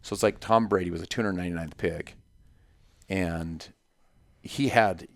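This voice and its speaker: A man's voice: sits low, normal speed, vocal fry, no echo, clean studio sound. A man talking as a podcast guest in casual conversation, emphatic and story-driven, with punchy repetitions.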